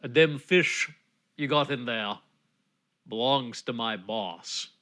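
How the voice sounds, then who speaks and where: A man voicing a surly, gruff old male sea serpent in a spoken story, low and growling. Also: takes it slowly, pushed and bright.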